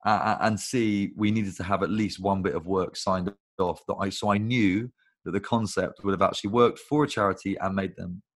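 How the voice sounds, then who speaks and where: Deep-voiced man telling rambling stories. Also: normal speed. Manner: rambling, swears freely, animated storytelling. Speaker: guest, recruitment business founder. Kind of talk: casual conversational interview. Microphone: video call.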